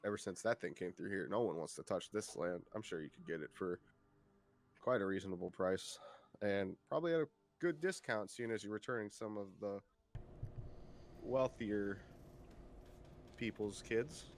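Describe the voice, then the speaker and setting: A man's voice: lowish voice, normal speed, long pauses, close to an everyday voice. A man voicing an obliging, easygoing male townsman in a tabletop game. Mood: agreeable.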